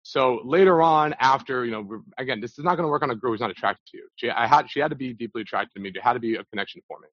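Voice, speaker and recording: A man's voice: medium pitch, racing, few pauses, fairly bright tone, dry recording. Man telling a story casually, dull dry audio. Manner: loose, filler-heavy with frequent restarts. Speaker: podcast guest.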